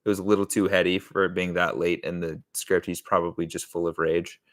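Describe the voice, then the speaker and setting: Low-voiced man chatting on a live stream. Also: level tone, fairly quick, fairly bright tone. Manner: thinks aloud, rambling, answers chat, chuckles often. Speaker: comedy sketch writer streaming live. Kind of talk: casual live-stream chat while writing.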